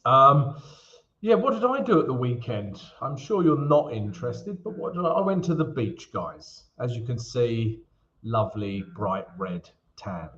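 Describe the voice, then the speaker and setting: A man's voice: mid-range voice, animated, a little slow, fairly bright tone. English man, live stream host, chatty and casual, slightly dull sound. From England. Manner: chatty, addresses viewers as guys and mate. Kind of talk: live trading stream chat.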